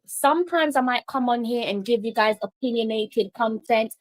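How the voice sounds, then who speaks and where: A woman's voice: a little high, normal speed. Chatty woman hosting a football live stream. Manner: chatty, addresses viewers directly; emphatic, repeats herself for stress. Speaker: host.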